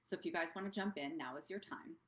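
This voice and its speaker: A woman's voice: lowish voice, fast, roomy sound, slight background noise. A woman coaching other business owners on a live stream, talking in a bubbly, rambling way that drifts off track. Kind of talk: casual live-stream talk.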